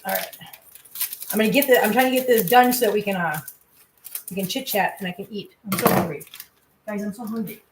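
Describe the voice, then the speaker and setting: A woman's voice: mid-range voice, a little fast, long pauses, recorded from a distance, noisy background. A woman vlogging as she cooks dinner at home, chatting away to her viewers and her cats. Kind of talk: casual chat while cooking. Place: home kitchen. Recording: echoey kitchen from off-mic.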